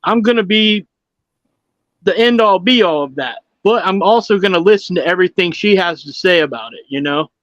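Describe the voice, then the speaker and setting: A man's voice: sits high, animated, normal speed, a bit bright, no room sound. Earnest middle-aged man, dry lo-fi sound. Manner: earnest, hesitant with fillers and restarts. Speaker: panelist. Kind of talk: casual panel chat.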